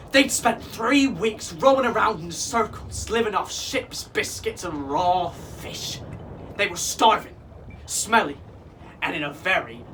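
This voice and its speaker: A man reading a children's pirate story aloud in a lively, expressive way. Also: high-pitched. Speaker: children's show performer. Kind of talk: storybook narration for kids. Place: theatre. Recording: distant mic with faint noise.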